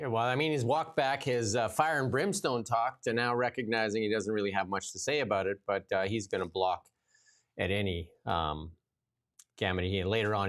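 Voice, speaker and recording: A man co-hosting casual political commentary, blunt and dismissive, with halting fillers. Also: low-pitched.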